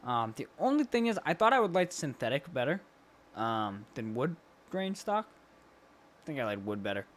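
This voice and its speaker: A man's voice: mid-range voice, big pitch swings, moderate pace, fairly bright tone. A young man co-hosting a casual podcast, joking, swearing and laughing often. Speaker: podcast co-host. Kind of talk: casual chat.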